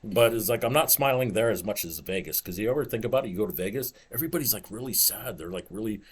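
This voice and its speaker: A man's voice: on the low side, animated, fast talker, husky. A man hosting a podcast in casual chat, rambling through stories with lots of "it's like" and laughing asides. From United States. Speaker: podcast host.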